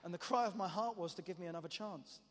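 A man preaching a testimony as an animated, self-mocking storyteller, often restarting his sentences. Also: high voice, fast. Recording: echoey hall reverb.

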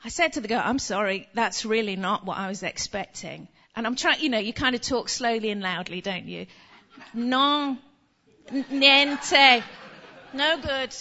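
A woman's voice: mid-range voice, brisk, hardly any pauses, a bit bright, highs cut off. A woman with an English accent giving a conversational sermon, telling a chatty anecdote before reading scripture. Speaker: preacher.

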